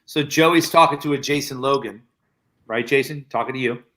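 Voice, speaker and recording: A man's voice: medium pitch, normal speed, fairly bright tone. A man co-hosting a casual chat, telling backstage anecdotes. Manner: chatty anecdote teller. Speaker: co-host, manager.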